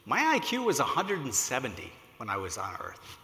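A clever, self-satisfied man just arrived in heaven, as a male speaker voices him, speaking with a bright, lively lilt. His voice echoes through a large hall with a long reverb. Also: mid-range voice, a little fast. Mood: boastful.

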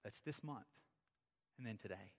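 Long hall reverb fills the church sanctuary as a middle-aged pastor delivers his sermon at a moderate pace, his voice on the low side. He shifts between relaxed, story-filled talk and emphatic climaxes.

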